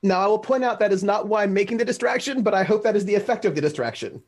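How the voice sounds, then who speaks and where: A woman's voice: mid-range voice, expressive, rapid-fire, darkish tone. A woman playing in a tabletop game, eager and playful. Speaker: player. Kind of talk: casual tabletop play.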